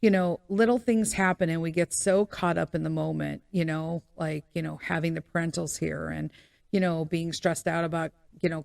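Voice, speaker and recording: A middle-aged woman tells a story on her podcast in a loose, chatty way, full of fillers and quick asides. Her voice sits fairly low for a woman, and the recording is dry and close with no room sound. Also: vocal fry, no room sound. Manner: animated, acts out quoted voices, many fillers. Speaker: podcast host. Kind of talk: casual storytelling monologue.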